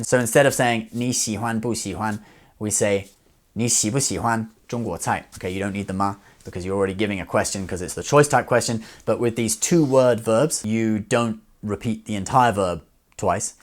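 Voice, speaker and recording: A man explaining phrases in a relaxed video lesson, often checking in with "okay?". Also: on the low side. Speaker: Chinese language teacher.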